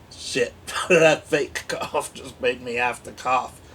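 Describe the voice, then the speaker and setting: A man's voice: mid-range voice, fairly even intonation, slow pace, hardly any pauses, pushed and bright, slight background noise. A man in his forties who swears his way through a crude, comedic toy unboxing and keeps breaking into silly voices. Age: 40s. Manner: jokey, profane, slips into silly voices.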